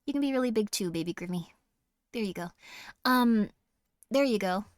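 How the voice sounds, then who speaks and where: A woman's voice: medium pitch, expressive, normal speed, dry recording, clean studio sound. A young woman streaming horror games, chatting casually in a bubbly, giggly, rambling way. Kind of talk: casual live-stream chat.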